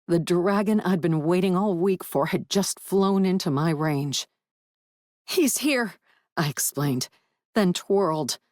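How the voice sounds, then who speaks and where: Low-voiced woman narrating an audiobook. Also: no echo, studio quality. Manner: wry, lively first-person storytelling. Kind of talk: first-person audiobook narration.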